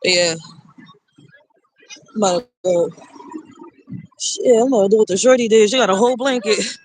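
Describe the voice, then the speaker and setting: A woman's voice: medium pitch, normal speed, a little mellow, a little hiss or hum, low-quality recording. A single mother livestreaming on her phone as she walks a cold city street, chatting loosely and swearing freely at her viewers. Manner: loose, chatty and profane, addressing viewers directly. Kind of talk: casual livestream chat while walking.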